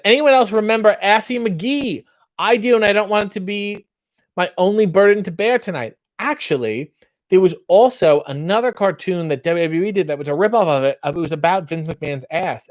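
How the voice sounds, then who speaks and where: A man with a fairly high, very lively voice swings between hammy mock-theatrical verse readings and flat, wry comments to his chat. It sounds like a casual livestream host talking into a desk mic. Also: brisk, no room sound.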